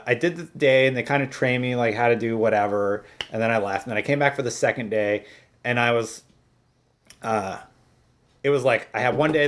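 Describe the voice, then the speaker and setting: A man co-hosting a casual chat show, telling a story in an animated way and laughing as he retells it. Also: mid-range voice. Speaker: co-host.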